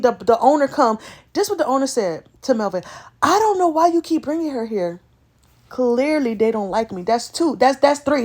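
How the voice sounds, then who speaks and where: A woman telling a story in a casual, profane rant, acting out quoted lines in a raised voice. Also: sits high. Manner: animated, profane, talks through quotes in raised voice.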